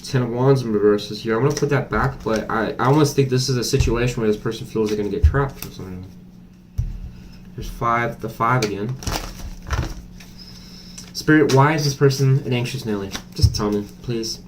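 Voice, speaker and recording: A man giving a casual tarot reading, chatty and blunt, with a mid-range voice. He thinks out loud and fills gaps with hesitations. A faint hiss sits under the recording. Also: medium pitch, moderate pace. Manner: chatty, blunt, thinks aloud with many fillers. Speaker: tarot reader.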